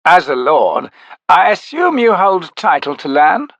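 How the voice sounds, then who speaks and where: A man's voice: high-pitched, very animated, measured pace, fairly bright tone, no room sound, dull audio, pitched above the performer's own voice, full character voice. A male narrator voicing a pompous male councilman giving a formal welcome in an audiobook. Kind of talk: audiobook character voice.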